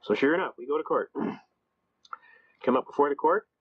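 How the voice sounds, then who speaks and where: A man giving a folksy storytelling lecture, talking rapidly in colloquial speech with double negatives. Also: a little high, breathy edge, dry recording. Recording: dull lo-fi audio.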